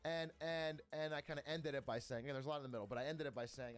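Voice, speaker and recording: A young man streamer telling a personal story in a casual, animated way, swearing often and laughing between lines. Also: a little high, fast talker, hardly any pauses, faint music behind.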